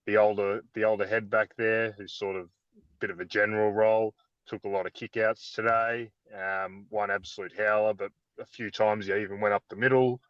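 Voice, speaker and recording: A man co-hosting a football podcast in a relaxed, measured way. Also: lowish voice, dry recording. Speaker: podcast co-host. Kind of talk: casual football chat. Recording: dull dry sound.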